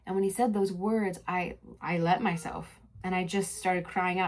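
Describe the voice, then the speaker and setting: A young adult woman hosting a podcast, telling a personal story in a soft, introspective voice that moves between spoken narration and casual chat. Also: lowish voice, fairly even intonation, moderate pace, few pauses. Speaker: podcast host.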